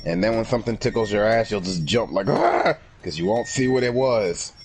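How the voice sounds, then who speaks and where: Brief: low-pitched young man, crude teasing gamer banter. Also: fairly quick, noisy background. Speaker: co-host watching a game. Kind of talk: casual gaming banter.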